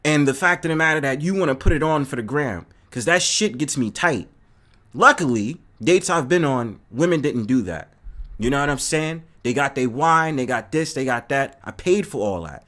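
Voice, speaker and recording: A man from New City, hosting a live stream and ranting casually to his chat viewers, profane and animated. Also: mid-range voice, moderate pace. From New York City. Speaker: host.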